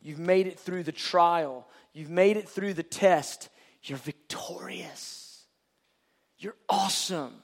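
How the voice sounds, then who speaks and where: A man with a notably high voice preaching a sermon. He hammers points home through repetition and rhetorical questions, emphatic and direct. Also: measured pace, few pauses.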